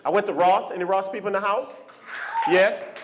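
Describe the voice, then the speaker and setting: A man doing a stand-up comedy set on a club stage, animated and often jumping into shouted character voices. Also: sits high, fairly quick. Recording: live club recording with crowd laughter. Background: audience laughter.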